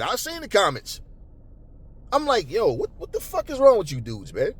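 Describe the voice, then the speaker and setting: A man hosting a boxing talk channel, ranting angrily and profanely at commenters, stumbling over repeated words when worked up, then cooling into calmer talk. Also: normal speed, breathy edge. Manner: calmer and lower later on. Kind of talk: angry unscripted rant to camera.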